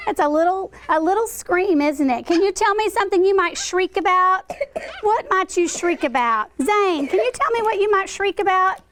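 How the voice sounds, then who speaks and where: A woman with a high, bright voice teaches words to a classroom of young children. She keeps asking questions and coaxes the kids to act out each word. A faint hiss sits under her voice. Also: animated, normal speed. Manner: encouraging, questioning, acting out words.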